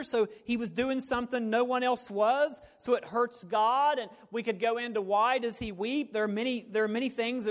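A man preaching a sermon, swinging between hushed reflection and loud, joking asides. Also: high-pitched, big-room sound. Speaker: pastor.

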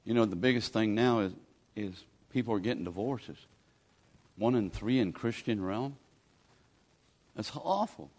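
A man's voice: lowish voice, measured pace, a little mellow. Folksy older preacher man. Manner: folksy, pleading, conversational preaching. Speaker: guest preacher. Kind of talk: sermon with altar call.

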